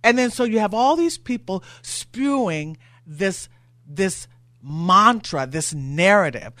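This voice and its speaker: Radio host, studio monologue, animated, worked up, rhetorical questions, dry sound. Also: mid-range voice, takes it slowly, no room sound. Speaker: radio talk show host.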